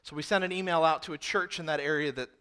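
A man preaching a sermon through a lively personal story. His voice sits a little high and rings bright and forceful. He talks animatedly and often picks up speed as he tells it. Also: quick pace, smooth. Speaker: pastor.

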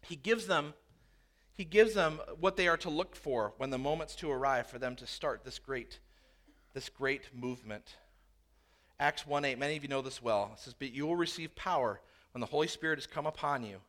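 A male pastor preaching a sermon to his church, telling stories and acting out conversations. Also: medium pitch. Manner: animated storytelling, acting out dialogue.

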